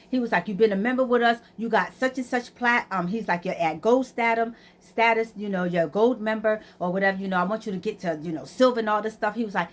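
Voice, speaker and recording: A woman's voice: medium pitch, a little fast. A woman, casually telling a story to her vlog audience and acting out both sides of the conversations. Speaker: vlogger.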